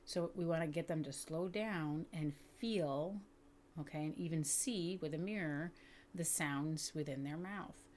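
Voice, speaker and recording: A woman teaching educators reading techniques, explaining patiently and slowly sounding out words with careful enunciation. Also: deep voice, a little mellow, a little hiss or hum. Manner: clear, deliberate enunciation of sounds. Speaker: literacy teacher. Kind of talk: instructional video for educators.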